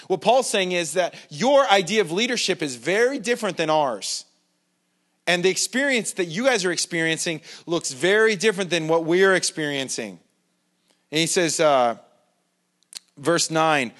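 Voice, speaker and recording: A man's voice: on the high side, lively intonation, moderate pace, a bit bright. A male pastor preaching a sermon in a conversational, self-deprecating way, with mocking asides. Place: church.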